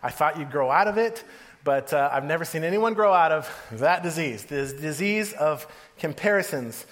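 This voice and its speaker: A man's voice: on the high side, expressive, normal speed, a bit bright. A man in his thirties giving a casual, joking sermon, often laughing as he talks. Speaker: pastor. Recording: long hall reverb.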